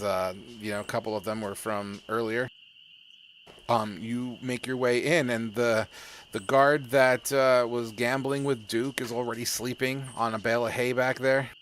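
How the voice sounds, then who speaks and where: A man's voice: medium pitch, a bit bright, a little hiss or hum. A man narrating a tabletop game as game master in a casual, chatty way. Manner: casual, chatty, laughs often, many fillers.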